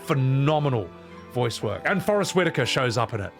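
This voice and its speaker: Brief: expressive male streamer, chatty and profane, wide pitch swings, light music bed. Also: a little fast. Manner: animated, swearing, acts out movie scenes in voices. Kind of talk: casual livestream chat while gaming.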